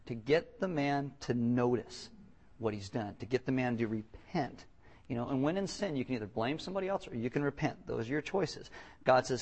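A man preaching to his church with lively, joking energy. He keeps slipping into little voices to act out the quotes he reads and tells. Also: medium pitch, slightly rough. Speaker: pastor. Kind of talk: sermon.

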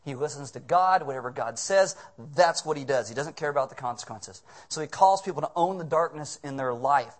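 Jokey, animated male preacher. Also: a little high, a little fast, hardly any pauses. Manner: jokey, animated, casual asides. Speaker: pastor. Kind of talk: comedic sermon.

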